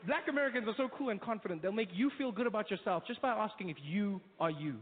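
A man with a South African accent doing stand-up comedy in animated storytelling, in tinny phone-like audio from an echoey hall. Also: sits high. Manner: animated storytelling, quick impressions.

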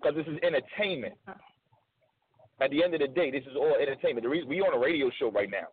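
A man's voice: mid-range voice, quick pace, husky, no echo. A man guesting on a radio show, telling his side in a blunt, emphatic way and repeating points for stress. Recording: phone-like narrow sound.

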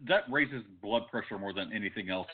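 Man, mid pitch, animated intonation, wry banter, casual podcast co-host, phone-quality sound. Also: brisk. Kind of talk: casual chat. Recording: tinny phone-like audio.

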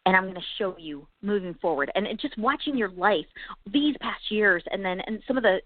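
A woman's voice: medium pitch, animated, brisk, dry recording, phone-quality sound. A woman co-hosting a casual faith podcast, talking earnestly and encouragingly to her friend. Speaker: co-host.

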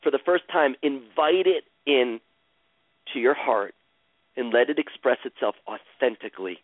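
A man guiding a caller through a healing session, slow and soothing, repeating phrases like a chant. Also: medium pitch, lively intonation, no room sound. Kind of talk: guided therapeutic session. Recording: tinny phone-line sound, dry.

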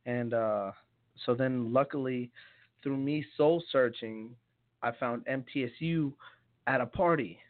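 A man's voice: mid-range voice, a little slow. Man from New Jersey, tinny sound. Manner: rambling, laughing storyteller with many restarts. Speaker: songwriter guest. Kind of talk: casual chat.

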